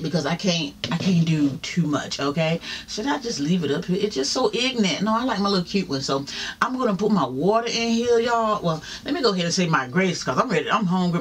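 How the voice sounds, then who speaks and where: A woman with a fairly low voice vlogs a mukbang at home, seated in a chair, with a little hiss or hum on the audio. She chats casually to her viewers while eating, talking straight to them and dropping religious exclamations.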